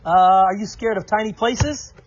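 A young man giving an animated children's sermon, talking straight to the kids and acting out the story. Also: high-pitched, normal speed, husky, dull audio. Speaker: youth pastor. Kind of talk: children's sermon with object lesson.

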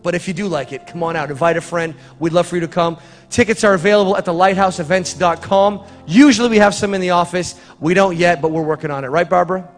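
A man with a high voice and a quick pace delivers church announcements and then leads a prayer, rambling chattily and cracking jokes along the way. He's in a church sanctuary, and the audio echoes like a church hall with faint music behind it.

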